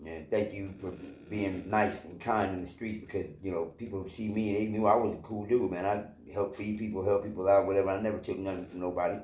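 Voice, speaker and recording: A man's voice: low voice, steady tone, fairly quick, hardly any pauses, darkish tone, slight background noise. A man casually telling a personal story from his own life, rambling, with lots of fillers and swearing. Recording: roomy echo.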